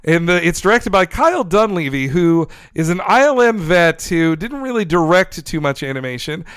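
A man hosts a casual podcast chat and shares trivia with open enthusiasm. His voice sits a little high and sounds smooth and clear. The recording is close and dry, with no room sound. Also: very animated, normal speed, fairly bright tone, no echo. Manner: enthusiastic, laughs often, trivia-minded. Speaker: podcast host.

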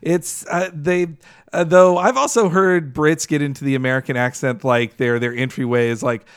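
A podcast co-host, a man with a slightly high voice, who gets heated and swears freely when he rants. The recording is dry and close, with no room sound. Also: fairly even intonation, moderate pace, clean tone, no echo. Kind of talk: casual podcast chat.

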